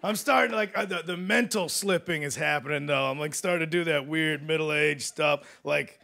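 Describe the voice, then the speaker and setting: A man in his late thirties doing a rambling, self-deprecating stand-up set on a studio stage, swinging between loud bursts and mumbled asides. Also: fairly high pitch, normal speed, gravelly, a little hiss or hum. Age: 30s. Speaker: stand-up comedian. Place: television studio stage with live audience.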